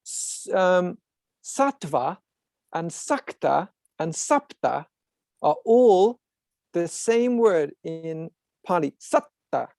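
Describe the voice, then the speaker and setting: Speaking in a sing-song way and drawing out his words, a man with a high, creaky, slightly mellow voice hosts an online discussion group over a video call. His casual explanations sound professorial, broken up by restarts and asides. The studio-quality audio has no room sound.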